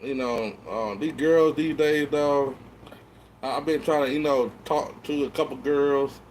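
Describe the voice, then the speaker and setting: A man with a notably high speaking voice chats loosely to his viewers while tipsy. He rambles, trips over repeated words, and swears freely. A faint background hum sits under his talk. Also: fairly even intonation, a little slow, a little mellow. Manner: rambling, stammering restarts, heavy swearing. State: tipsy from drinking. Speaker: vlogger. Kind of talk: casual live-stream chat to viewers.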